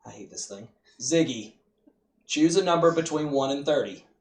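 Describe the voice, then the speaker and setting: A man co-hosting a podcast, chatting casually and driving home his opinions with slow emphasis. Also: fairly high pitch, lively intonation, a little mellow. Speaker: podcast co-host. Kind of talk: casual wrestling chat. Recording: echoey room, distant from mic.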